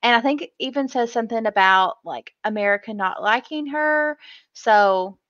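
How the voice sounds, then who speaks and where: A giggly woman co-hosts a casual chat show, her voice bright and a little high. The recording sounds dull and lo-fi, a bit muffled. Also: moderate pace. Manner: giggly, playful, animated. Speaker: co-host.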